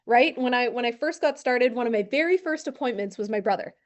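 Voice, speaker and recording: A woman in her thirties who trains insurance agents, telling a lively story with acted-out quotes. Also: on the high side, a little fast, highs cut off. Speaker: insurance and financial advisor training new agents. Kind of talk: storytelling talk to a team.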